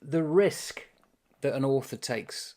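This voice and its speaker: A man's voice: mid-range voice, takes it slowly, darkish tone. A man hosting a book channel, casually discussing a comic novel in a rambling, amused way and reading passages aloud.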